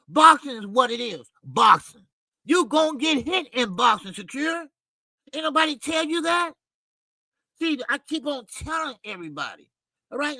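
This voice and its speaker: Male boxing-stream host, high voice, profane ranting commentary, dry close sound. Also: dry recording. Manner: ranting, profane, loud outbursts. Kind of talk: livestream boxing commentary, greeting chat.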